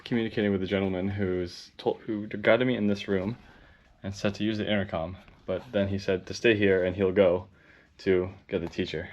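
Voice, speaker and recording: A man vlogging while traveling, casual and excitable, rambling and swearing. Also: low voice, normal speed. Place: outdoors and in temples while traveling. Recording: dull lo-fi audio with clear background noise.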